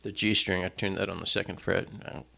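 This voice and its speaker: Between songs on a small home stage setup, a singer-songwriter talks fast into a front stand mic in a deep, gravelly voice with a flat delivery and a sharp tone. He rambles casually and self-deprecatingly, leaning on fillers and restarts.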